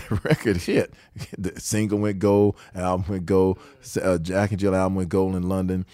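In a dry, studio-quality recording, an older man who is a musician spins stories during a relaxed interview. Animated, he quotes others and laughs frequently, his voice sitting on the lower side.

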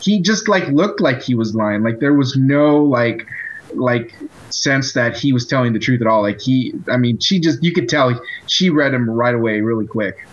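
A man's voice: mid-range voice, dull audio. Hesitant male podcast host. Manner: halting, filler-heavy. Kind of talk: casual chat about TV episodes.

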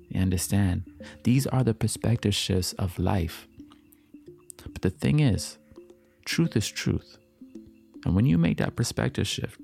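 A man giving a calm, reflective motivational talk, repeating affirmations and sometimes dropping into a soft whisper. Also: on the low side, gravelly. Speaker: motivational speaker.

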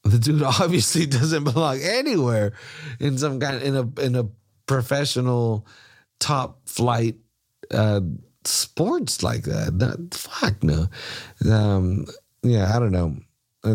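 A man hosting a soccer podcast, ranting in a casual, profane, rambling way, often jumping in pitch. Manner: rambling, profane, animated rants with pitch jumps.

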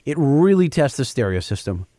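A man's voice: medium pitch, sing-song, moderate pace, mellow, dry recording, clean studio sound. A man co-hosting a casual podcast, teasing his partner with playful banter and reading ad spots. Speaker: podcast co-host. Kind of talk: casual chat and host-read ads.

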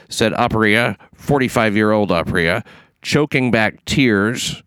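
A man's voice: low voice, lively intonation, a little fast, no echo, clean studio sound. A man hosting a casual comedic news chat, riffing with sardonic, profane asides. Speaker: podcast host reading news.

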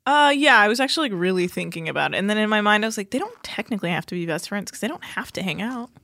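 A woman's voice: medium pitch, big pitch swings, rapid-fire, pushed and bright, dry recording, studio quality. A woman co-hosting a podcast, recapping a reality show in a chatty, crude and joking way. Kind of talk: casual chat.

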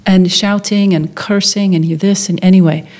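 A woman's voice: mid-range voice, fairly even intonation, moderate pace, darkish tone. A woman, a documentary filmmaker, telling a personal story in conversation, acting out the quotes with frequent restarts.

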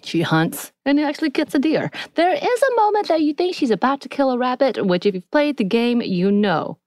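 A woman hosting a podcast, retelling a TV episode in a chatty, animated way and acting out bits of dialogue. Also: high voice, normal speed, dry recording, studio quality. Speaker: podcast host. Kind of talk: casual episode recap.

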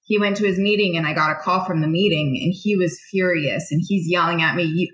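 A woman's voice: fairly low pitch, a little fast, a bit bright. A young adult woman, a military veteran, telling her own story in a frank, conversational way with many fillers. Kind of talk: candid personal storytelling. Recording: echoey room.

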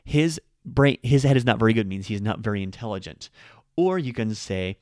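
A man's voice: fairly low pitch, expressive, darkish tone, no echo. Upbeat man teaching, dry close sound. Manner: upbeat, chatty, slow careful example sentences. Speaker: podcast host and Japanese teacher. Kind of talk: casual podcast grammar lesson.

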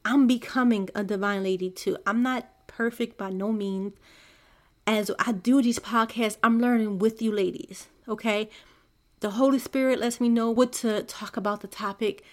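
A mother, young adult to middle-aged, hosts a faith podcast, speaking to her listeners in an earnest, confiding, soft-spoken monologue. Her voice is on the high side and steady in tone, at normal speed.

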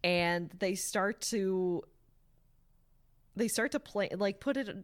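A woman's voice: medium pitch, slow pace. A woman in casual podcast chat, retelling a plot with lots of fillers, acting out the characters' lines and swearing now and then. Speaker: podcast co-host recapping a story.

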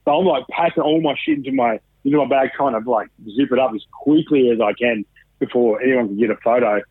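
A man's voice: mid-range voice, animated, fast, slightly rough. A man with an Australian accent calls in over a thin, phone-like line with no room echo. He tells his story casually and candidly, swearing freely and animating his retelling. He sounds like a man in his thirties. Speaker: guest. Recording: dry, tinny phone line.

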